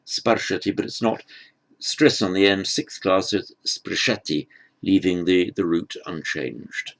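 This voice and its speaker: Male language teacher, low gravelly voice, very slow, halting lecture delivery. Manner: patient, halting, with many restarts and fillers. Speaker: Sanskrit teacher. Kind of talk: unhurried grammar lecture.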